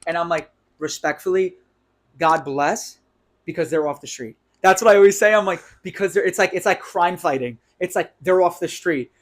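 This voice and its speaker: Young New York co-host, slangy and quick to laugh, voice sits a bit high. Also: male voice. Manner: laughs a lot, slangy banter. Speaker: podcast co-host. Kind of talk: casual chat.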